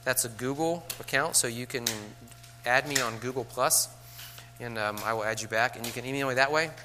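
A man's voice: medium pitch, a little fast, background noise. A man giving a casual, joking workshop talk to fellow teachers, acting out what students say. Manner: joking, conversational, acts out students' lines. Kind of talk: casual lecture.

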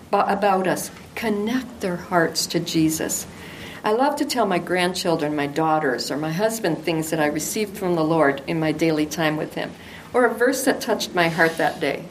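A woman's voice: medium pitch, a little hiss or hum, rough recording. An older woman teaching the Bible to women in an earnest, affectionate devotional talk.

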